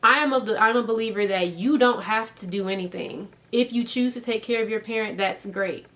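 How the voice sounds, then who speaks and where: Animated woman in her thirties reviewing books. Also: on the high side, a little fast. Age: 30s. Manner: animated, emphatic, rhetorical questions. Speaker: book reviewer. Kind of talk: casual book review vlog.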